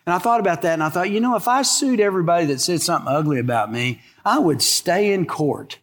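High-voiced man preaching a folksy sermon. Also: expressive, fast talker, a bit bright. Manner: folksy, conversational preaching with emphatic repetition. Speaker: pastor.

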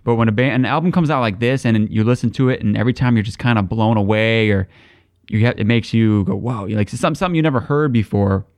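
A man's voice: fairly low pitch, fast, no room sound, studio quality. A man co-hosting a podcast, chatting casually and enthusiastically about albums, swearing now and then. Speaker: podcast co-host.

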